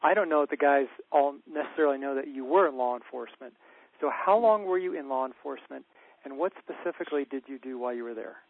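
A man hosting an interview, asking questions in brisk short prompts. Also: mid-range voice. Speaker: host. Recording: dry phone-like audio.

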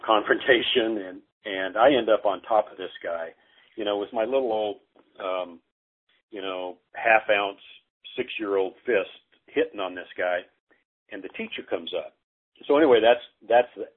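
A middle-aged man telling stories casually as a guest, halting, with many fillers and restarts. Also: lowish voice. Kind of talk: casual storytelling interview. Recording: phone-like narrow audio.

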